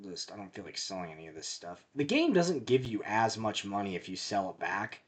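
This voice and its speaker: A man giving casual, rambling commentary over his own gameplay, deliberately talking a bit louder than usual, with muttered asides. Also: fairly low pitch, very animated. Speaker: gameplay video host.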